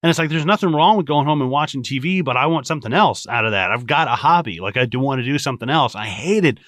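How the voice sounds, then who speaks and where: A man's voice: mid-range voice, quick pace, dry recording, studio quality. Ranting, foul-mouthed podcast man. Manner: animated, profane ranting with frequent laughs. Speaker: podcast co-host. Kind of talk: casual film podcast chat.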